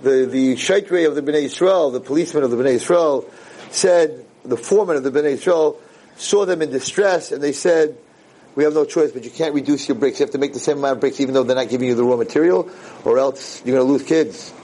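A middle-aged man giving a lively Torah lecture to a live audience, acting out biblical figures as he speaks. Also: brisk, rough recording. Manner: animated, acts out biblical figures with sudden pitch leaps. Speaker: rabbi lecturer.

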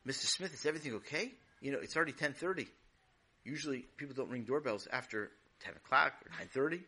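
A man voicing a polite father, quick and mildly puzzled at a late visitor. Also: mid-range voice, expressive, sharp tone, husky, full character voice.

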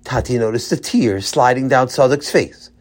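A man narrating a children's story in a lively, animated voice. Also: mid-range voice, moderate pace.

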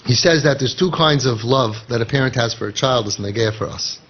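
Animated man teaching Torah, husky voice. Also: mid-range voice, brisk. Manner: animated, acts out inner voices and dialogue; mixes Hebrew and Yiddish phrases into English. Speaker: rabbi. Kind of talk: Torah lecture. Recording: dull lo-fi podcast audio.

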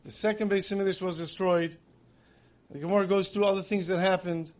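A man's voice: high-pitched, steady tone, brisk. A man giving a conversational sermon, asking rhetorical questions and weaving in many Hebrew terms. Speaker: religious speaker.

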